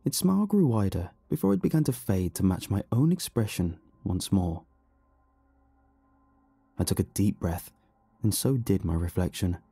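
Deep, dark, husky male horror narrator. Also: expressive, a little slow, long pauses, no echo.

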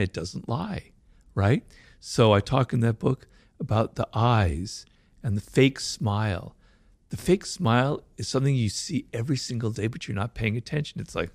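Fast-talking man with a gravelly voice. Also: medium pitch, no room sound. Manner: animated, talks fast, asks rhetorical questions. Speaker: author and interview guest. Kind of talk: casual interview explanation.

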